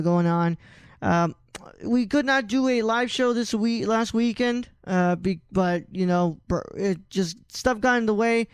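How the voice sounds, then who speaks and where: Guy hosting a nerd podcast, high pitched, dry close mic, swears casually, lots of uh's. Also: smooth, dry recording. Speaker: podcast host.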